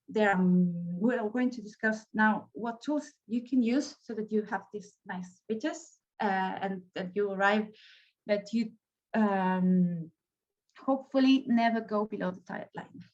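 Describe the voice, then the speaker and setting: A woman's voice: a little high, a little mellow, dull audio. Spanish-accented woman leading a workshop. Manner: halting, many fillers and restarts. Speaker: workshop trainer. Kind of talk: online training workshop.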